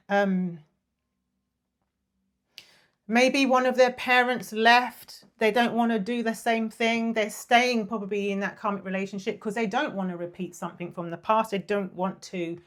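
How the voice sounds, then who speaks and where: Chatty woman giving a tarot reading. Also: medium pitch. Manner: chatty, giggly, apologetic, with soft murmurs and breathy sighs. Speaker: tarot reader.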